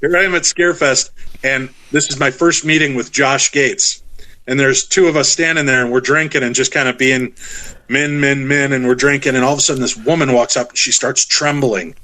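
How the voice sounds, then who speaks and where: A middle-aged man telling stories as a podcast guest, animated and acting out the voices of the people in them. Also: mid-range voice, normal speed, rough recording. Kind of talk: casual storytelling.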